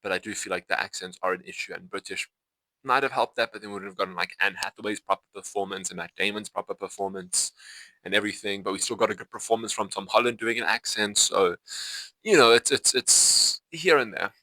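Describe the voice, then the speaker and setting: A young man talks to camera about a film, his voice low-pitched but bright and forward. He rambles in loose, unscripted sentences, restarting and correcting himself often. The sound is close and dry. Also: a little fast, dry recording, low-quality recording. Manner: rambling, full of fillers and self-corrections. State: itchy eyes. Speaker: vlogger reviewing a film. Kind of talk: casual unscripted talk to camera.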